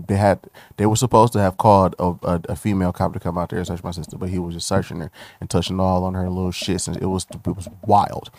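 Deep gravelly young man telling a story. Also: no room sound. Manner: loose, profane, animated when retelling anger. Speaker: guest. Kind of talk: candid conversational storytelling.

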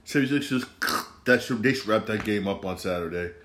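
A man's voice: on the low side, a little fast, a bit bright. A man hosting a casual solo sports podcast, rambling and repeating himself, with bursts of ranting.

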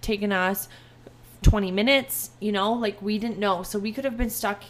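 A young woman co-hosting a podcast, telling a travel story in an animated, exaggerating way with plenty of swearing. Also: medium pitch, normal speed, a crowd in the background. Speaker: podcast co-host. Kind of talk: casual storytelling chat.

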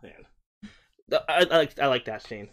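A man co-hosting a casual movie podcast. His voice sits in an ordinary middle pitch. He rambles and restarts, and keeps slipping into excited bursts. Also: normal speed. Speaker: podcast co-host. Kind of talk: casual movie-review chat.

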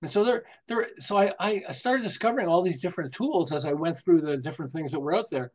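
With a fairly high voice and a fast delivery, an older man, 60s or up, guests on a podcast as a marketing consultant. His casual storytelling is animated, full of jokes, anecdotes and frequent laughs.

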